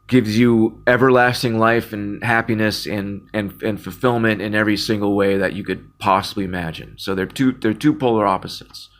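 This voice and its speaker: A man's voice: lowish voice, a bit bright. A man in an impassioned casual monologue, earnest and near tears, often repeating words and restarting. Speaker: Christian video blogger.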